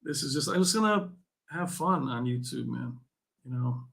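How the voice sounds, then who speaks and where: A man hosting a casual community livestream chat, excitable and jokey, often laughing and teasing his viewers. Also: medium pitch, moderate pace, vocal fry. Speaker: livestream host.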